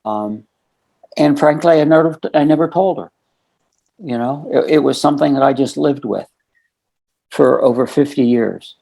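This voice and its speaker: A US man in his sixties talks at medium pitch and normal speed, his dark voice creaky and broken by frequent pauses. As a podcast guest, he tells a long story in a storytelling interview, quoting conversation after conversation.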